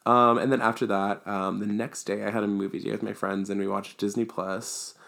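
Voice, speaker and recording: Gravelly young man telling stories. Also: lowish voice, brisk. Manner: animated storyteller, imitates others in quotes. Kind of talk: casual chat.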